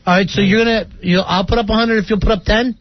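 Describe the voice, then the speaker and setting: Teasing high-voiced radio host. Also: male voice, steady tone, fast talker. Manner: teasing, needling. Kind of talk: radio call-in banter. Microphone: studio mic. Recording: dull dry radio broadcast.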